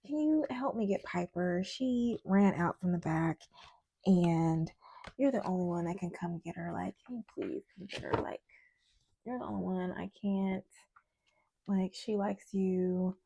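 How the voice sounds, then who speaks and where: A woman voicing an anxious male neighbor who begs and nags in a hushed, whispery way. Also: fairly low pitch, unhurried, creaky. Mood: pleading.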